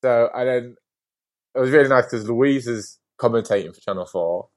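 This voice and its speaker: A man chatting as a guest on an interview podcast, telling a story in a lively, casual way, with lots of "like" and the odd swear word. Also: mid-range voice, normal speed.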